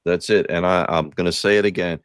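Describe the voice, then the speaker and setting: Male podcast host, low and animated, dry close sound, profane nostalgic rambler. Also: brisk, clean tone, dry recording. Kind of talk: casual chat.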